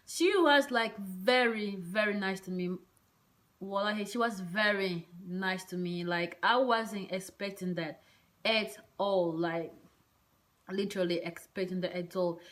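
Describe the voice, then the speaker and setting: A woman vlogger recounting a personal experience in a loose, rambling way. She hesitates often and leans on fillers. Now and then she drops into soft whispered asides. Her voice sits at a middle pitch. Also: unhurried. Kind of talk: casual personal storytelling.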